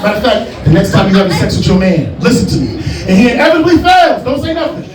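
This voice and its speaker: A man headlining a stand-up comedy set in a club, brash and loud, laughing through his punchlines. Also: sits high, very animated, fast talker. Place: large club room with a live crowd. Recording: echoey room, mic heard from far off, loud crowd.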